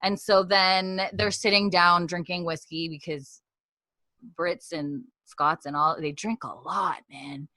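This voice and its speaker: A woman's voice: on the low side, fairly even intonation, takes it slowly, pushed and bright, no room sound. A young woman co-hosting a casual podcast, animatedly recapping a TV episode and acting out the characters' lines.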